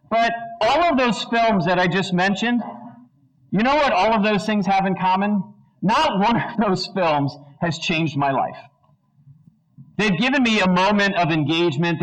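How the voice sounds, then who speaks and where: A man preaching a sermon to a congregation, animated and chatty, asking the audience questions and slipping into quick movie-line impressions. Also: sits high, low-quality recording.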